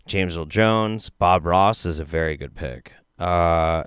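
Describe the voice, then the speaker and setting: A man riffs with his chat in loose, sarcastic live-stream commentary, swearing freely. His voice is smooth and clear and swings widely in pitch. The sound is dry and close. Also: takes it slowly, few pauses, no echo. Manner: profane, sarcastic, animated. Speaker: streamer reacting to a video.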